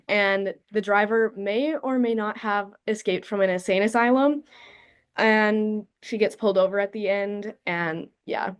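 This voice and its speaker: A woman's voice: medium pitch, smooth. A teenage girl on a speech team chatting with many "like" fillers. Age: teens.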